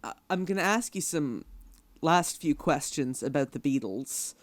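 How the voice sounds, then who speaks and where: A man's voice: fairly high pitch, lively intonation, a little slow, no echo. Hesitant young male podcast host. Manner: hesitant, many fillers, laughs easily. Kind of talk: conversational interview.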